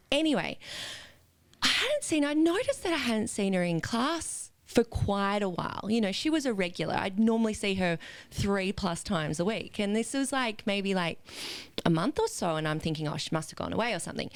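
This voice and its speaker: Speak as a lively woman telling a story. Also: medium pitch, no room sound. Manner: animated, swearing, many fillers. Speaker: podcast host and Pilates instructor. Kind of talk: casual storytelling in conversation.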